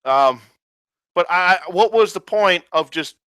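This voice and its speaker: A man's voice: sits high, animated, slow, fairly bright tone, clear, resonant tone, dry recording. A man ranting in a casual review, profane, sarcastic and exasperated. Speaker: wrestling reviewer.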